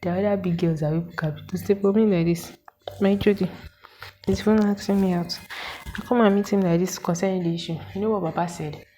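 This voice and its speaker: A Nigerian woman in her twenties, telling a story to her viewers in an animated, exasperated way and asking them questions. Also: fairly low pitch, fairly quick, rough recording. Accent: Nigerian English with Pidgin words. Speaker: vlogger. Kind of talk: casual storytelling to camera.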